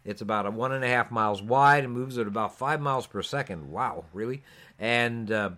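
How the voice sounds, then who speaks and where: A male co-host talks through medical and news topics in a relaxed, conversational manner, pausing with fillers as he goes. His voice is bright and clear, at a middle pitch. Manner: easygoing, explanatory with fillers. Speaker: physician co-host. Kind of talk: conversational podcast talk.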